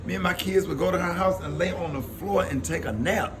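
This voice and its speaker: A middle-aged man with a Southern accent from Alabama, a comedian telling a personal story in a casual, animated way, often laughing and acting out the people he quotes. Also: high-pitched, a little fast, over music.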